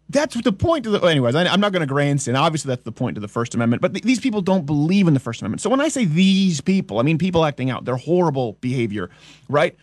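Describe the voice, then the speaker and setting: A man's voice: fairly high pitch, sing-song, quick pace, dry recording. A man hosting a comedic political talk show, ranting in a sarcastic, mock-incredulous way and rambling as he goes. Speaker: podcast host.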